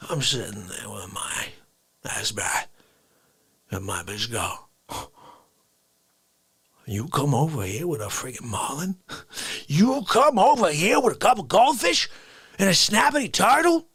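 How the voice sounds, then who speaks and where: Guy doing a bronx dude who gets offended at everything, gravelly, all over the place pitch-wise, yelling then whispering. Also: very animated, slow, pauses often, dry recording, full character voice. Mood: indignant. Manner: swings between shouting and gravelly whispers. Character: indignant fast-ranting Bronx man, easily offended. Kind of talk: improvised comedy rant.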